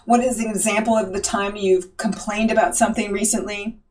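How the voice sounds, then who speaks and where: A woman teaching a coaching skill, calmly posing reflective questions to her students. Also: medium pitch, a little fast. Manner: calm, asks reflective questions. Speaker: NLP trainer. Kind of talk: instructional teaching. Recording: voice from a distance off the mic.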